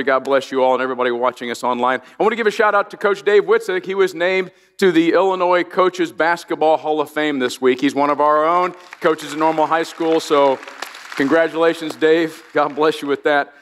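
Middle-aged male pastor from Indiana; high-pitched, chatty storyteller preaching in a large echoing sanctuary. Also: fairly bright tone. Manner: storytelling, self-deprecating, many restarts. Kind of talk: sermon. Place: large church auditorium. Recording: long reverb of a large church.

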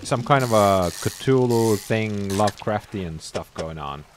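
Man, gameplay commentary, lively swinging pitch, unhurried, swears when spooked, faint game music. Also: slight background noise. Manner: excitable, swears, shouts when startled. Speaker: gameplay streamer.

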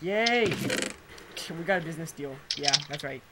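A teenage boy chatting casually while gaming with a friend, excitable and quick to shout, his throat sore from screaming. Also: on the high side, heavy background noise. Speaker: gameplay commentator. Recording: loud keyboard typing and clicks.

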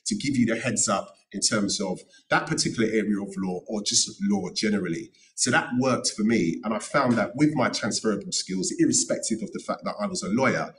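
A man's voice: fairly low pitch, brisk, hardly any pauses, fairly bright tone, distant mic, poor audio. A middle-aged man speaking on a panel at a careers event, giving earnest, emphatic advice and repeating key phrases. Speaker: panel speaker, notary and former solicitor. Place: event room.

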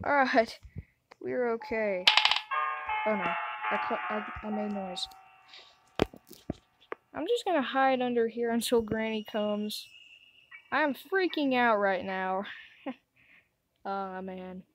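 Jumpy gamer woman, slow and noisy. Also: a little high. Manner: jumpy, gasping and talking back to the game. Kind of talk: let's play commentary.

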